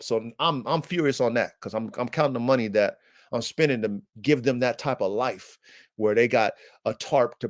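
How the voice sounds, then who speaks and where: A man's voice: mid-range voice, no echo. Male livestream host, casual storyteller, fired up and cursing, mid-range voice, dry close sound. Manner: animated, heated and swearing; slangy, with many fillers addressed to listeners. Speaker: podcast host.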